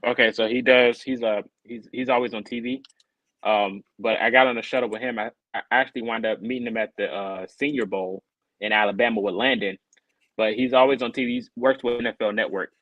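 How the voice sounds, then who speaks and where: A man co-hosting a podcast, telling a rambling story in a casual way and acting out the people he quotes in a higher voice. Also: a little fast, dry recording, lo-fi sound. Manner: animated, acts out quoted people in a raised voice. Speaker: podcast co-host.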